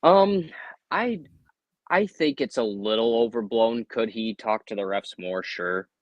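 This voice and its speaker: A man talking sports on a call-in show, measured and hedging with lots of fillers. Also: lowish voice, no room sound, lo-fi sound. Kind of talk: casual sports talk.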